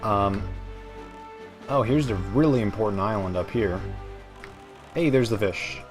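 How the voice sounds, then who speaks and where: A man's voice: lowish voice, unhurried, over music. A young man hosting a let's play, chatting in a rambling, self-mocking way with many fillers. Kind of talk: gameplay commentary.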